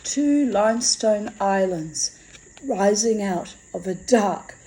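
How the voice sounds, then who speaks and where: A woman reads a fantasy story aloud. Her delivery is slow and measured. Her voice is mellow and relaxed. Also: mid-range voice, poor audio. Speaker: reader. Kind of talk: storybook reading.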